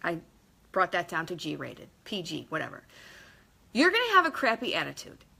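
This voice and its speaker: A woman's voice: fairly low pitch, huge pitch swings, moderate pace, creaky, sharp tone, breathy edge. A woman giving a casual motivational talk to camera, emphatic and blunt, with mild swearing and quotes acted out in different voices. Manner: acts out quotes in varied voices. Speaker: motivational vlogger.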